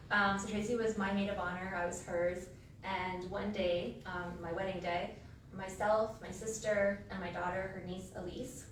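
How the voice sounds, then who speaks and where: A woman telling funny family stories as a eulogy for her sister, laughing through the memories in a funeral home chapel. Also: medium pitch. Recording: echoey hall from far off, noisy.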